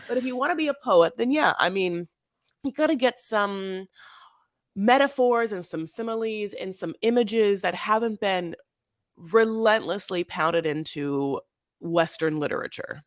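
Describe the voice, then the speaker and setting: A woman's voice: medium pitch, a little slow, dry recording, studio quality. A woman co-hosting a casual recap podcast, talking in a sassy way, swearing freely and calling people honey. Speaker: podcast co-host. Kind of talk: casual reality-TV recap chat.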